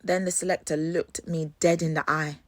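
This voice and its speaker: A young woman from Jamaica with a Jamaican London accent tells embarrassing stories in an animated, profane way. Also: low voice, normal speed, dry recording. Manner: animated, swears freely. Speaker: host. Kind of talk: storytelling monologue.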